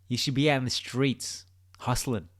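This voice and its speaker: A man's voice: mid-range voice, steady tone, normal speed, fairly bright tone. A man with an Australian accent, a gaming video creator giving a rambling, mock-philosophical monologue that teases the viewer.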